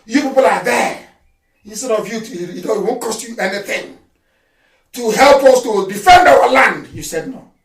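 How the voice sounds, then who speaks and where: A man delivers a fiery radio address, shouting, mocking and scolding. His voice sits high. It comes through echoey and distant, well off the mic. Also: animated, moderate pace. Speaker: political activist broadcaster.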